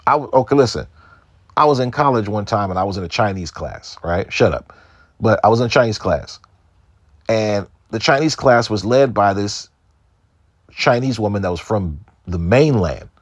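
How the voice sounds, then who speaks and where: A man's voice: on the low side, lively intonation, normal speed, dry recording, muffled recording. A man from Seattle hosting a podcast, telling profane, loose stories in a casual monologue and mimicking other people's voices. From Seattle, United States. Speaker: podcast host.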